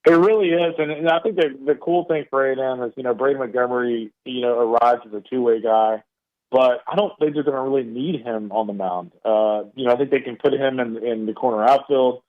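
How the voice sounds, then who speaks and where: A man's voice: mid-range voice, a little fast. Man with an East Texas drawl on a phone line. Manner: loose, filler-heavy talk with many restarts. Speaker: baseball analyst guest. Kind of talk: radio interview commentary. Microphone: phone call into studio.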